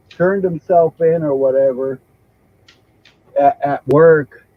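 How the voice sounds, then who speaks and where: A podcast host with a higher-pitched male voice tells a rambling story in a relaxed chat, casually swearing and quick to laugh. The recording is dry, dull and lo-fi.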